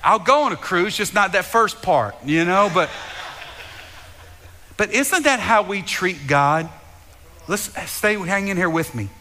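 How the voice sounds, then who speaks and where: A man with a high, bright voice preaches to his congregation. He is fervent and repetitive, often doubling his words as he speaks straight to his listeners. His voice rings out with a long reverb in a big hall. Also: expressive, measured pace, long pauses, a little hiss or hum. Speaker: pastor. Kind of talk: sermon.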